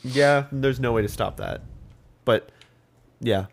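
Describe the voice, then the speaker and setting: A man's voice: mid-range voice, slow, slight background noise. A man co-hosting a gaming podcast, telling stories animatedly in casual chat and swearing freely. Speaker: podcast co-host.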